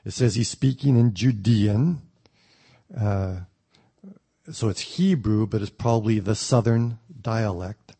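Male Bible teacher with a slightly low, husky voice; reads the text, then talks it through plainly. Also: takes it slowly, warm tone. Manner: reads scripture aloud, then explains it in plain words; thoughtful, with occasional ums and restarts.

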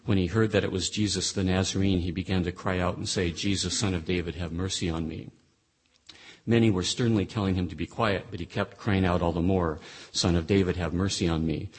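Low husky-voiced man teaching scripture. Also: fairly even intonation, fairly quick. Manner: reads scripture aloud then explains it, with restarts. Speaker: Bible teacher. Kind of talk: verse-by-verse Bible teaching.

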